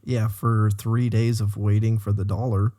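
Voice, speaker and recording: A man's voice: lowish voice, flat delivery, moderate pace, mellow. A man co-hosting a casual podcast, bantering in an easygoing, joking way. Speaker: podcast co-host. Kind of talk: casual chat.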